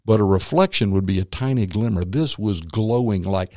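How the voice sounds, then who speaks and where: A man, a former magician and comedian turned minister, tells his faith story as an interview guest, animated and acting out the voices of others. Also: lowish voice, normal speed, dry recording, clean studio sound. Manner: animated storyteller who acts out quotes. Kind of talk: personal faith testimony in conversation.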